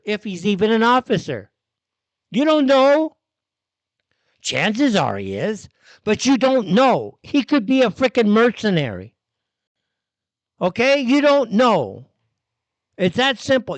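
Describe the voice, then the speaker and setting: A man rants on his live show in a high, restless voice that leaps up and down. He talks bluntly and swears freely, and the sound is dry and close, with no room around it. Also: no room sound. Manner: heated, blunt, swears often. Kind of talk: ranting commentary.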